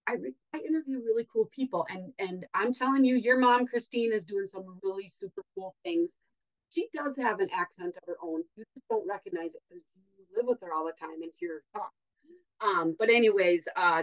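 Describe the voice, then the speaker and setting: Recorded with lo-fi sound, this podcast host speaks at a medium pitch in a Wisconsin accent. She kicks off the show with a casual, cheerful intro full of filler words.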